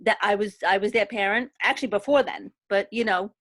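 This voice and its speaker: Panelist: woman in her forties, mid-pitched voice, emphatic and conversational. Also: brisk, fairly bright tone. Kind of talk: casual group discussion.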